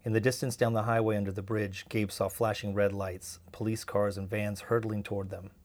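A man narrating a novel in a steady, measured way. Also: fairly low pitch. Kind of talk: audiobook narration.

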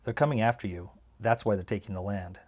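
A man's voice: lowish voice, quick pace, a little mellow, natural voice. A man reading the part of a worried, anxious mother who pleads and repeats herself. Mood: fearful. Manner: pleading, insistent repetition. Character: worried anxious mother, middle-aged woman.

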